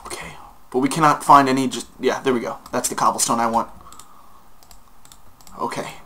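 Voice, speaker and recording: A man's voice: mid-range voice, fairly even intonation, moderate pace, bright, forceful tone. Playful young man narrating his gameplay. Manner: playful, talks to game creatures, sudden outbursts. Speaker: gaming YouTuber. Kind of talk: casual gameplay commentary.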